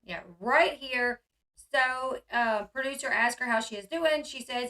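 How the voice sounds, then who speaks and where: A woman's voice: on the high side, measured pace, sharp tone. A woman vlogger giving casual, chatty commentary, full of "like" and "um" fillers. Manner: chatty, filler-heavy with frequent "like" and "um". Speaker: vlogger reacting to a reality show.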